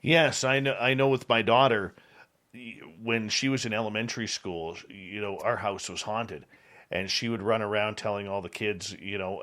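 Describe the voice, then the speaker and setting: A man's voice: lowish voice, steady tone, moderate pace, a bit bright. A man hosting a late-night radio talk show, asking questions and chatting agreeably with his guest. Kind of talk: interview host.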